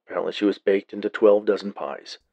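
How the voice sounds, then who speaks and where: Calm cop guy all matter of fact, gravelly low voice, man doing it. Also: fast, dry recording, muffled recording. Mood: deadpan. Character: calm deadpan male police officer.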